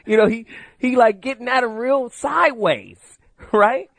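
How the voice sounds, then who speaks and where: His voice is very high-pitched, gravelly and fairly bright, delivered at a measured pace with no echo from a radio studio microphone. The middle-aged host runs a late-night call-in show in a loose, brash style, telling stories and pushing the number to call.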